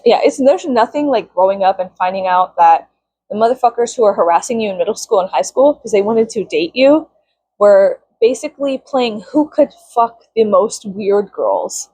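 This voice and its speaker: A woman in her thirties ranting casually to camera, profane and sarcastic, sometimes pitching up into high mocking tones. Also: lively intonation, normal speed, mellow, husky, no echo, poor audio. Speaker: vlogger. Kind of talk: casual venting rant to camera.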